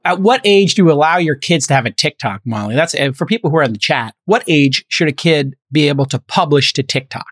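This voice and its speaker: A man's voice: on the high side, animated, a little fast, few pauses, a bit bright, breathy edge, no room sound. Guy hosting a podcast, middle-aged, kinda rambly, lots of ums, dry studio mic. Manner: rambling, thinks aloud with fillers. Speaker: podcast host. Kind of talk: casual podcast discussion.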